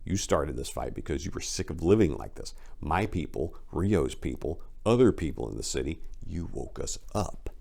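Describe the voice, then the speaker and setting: A man voicing a smooth-talking man in a sharp suit who speaks softly and earnestly. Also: animated, normal speed, hardly any pauses, heavily acted. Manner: soft, low, earnest.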